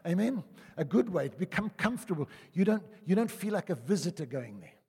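An older South African man preaching a sermon, telling personal stories in a chatty way that swings between loud and hushed. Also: high-pitched, a little fast, husky. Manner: conversational storytelling, lively swings from loud to hushed. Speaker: pastor. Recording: reverberant church hall.

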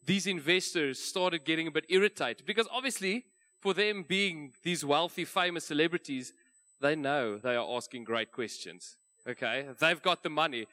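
South African pastor with a conversational delivery. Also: male voice, on the high side, fairly bright tone. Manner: conversational storytelling, light laughs. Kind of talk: sermon. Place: church.

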